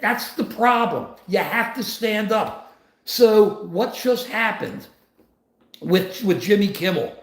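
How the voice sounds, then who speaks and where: A man's voice: high-pitched, expressive, takes it slowly. A man in his seventies hosting a live political talk show, speaking with passion and often restarting his sentences. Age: 70s. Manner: impassioned, rambling with restarts. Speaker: host. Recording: roomy echo.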